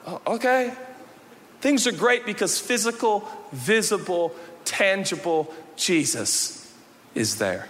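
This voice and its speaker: A man preaching a sermon, animated, swinging from shouting to quiet with playful asides. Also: high-pitched, takes it slowly. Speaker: pastor. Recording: long hall reverb, faint background noise.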